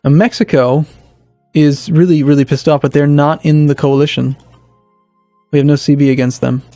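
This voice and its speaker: A man casually commenting on his strategy game as a let's play host, thinking aloud with hesitant restarts and sudden bursts of excitement. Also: a little high, moderate pace, no echo, faint music behind.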